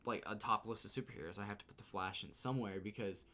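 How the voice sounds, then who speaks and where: A man's voice: lowish voice, fast talker, sharp tone. A man co-hosting a podcast in casual chat, earnest and laughing easily, with casual swearing. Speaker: podcast co-host.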